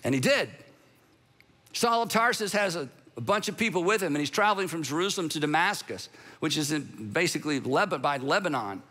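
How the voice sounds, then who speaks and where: Pastor guy telling the story in a sermon, playful and emphatic, high voice, long hall echo. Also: lively intonation, fast talker, sharp tone.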